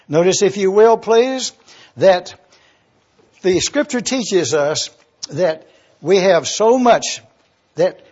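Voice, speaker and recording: An older man preaches with deliberate emphasis, leaning on key words and spelling some out. His voice sits high and sounds a bit breathy. The recording is dull and lo-fi. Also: darkish tone. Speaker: pastor. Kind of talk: sermon.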